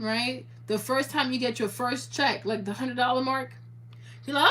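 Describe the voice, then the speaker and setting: A young adult woman talking straight to her viewers in a casual, animated monologue, cursing freely and slipping into preachy advice. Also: sits high, moderate pace, slight background noise. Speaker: YouTuber.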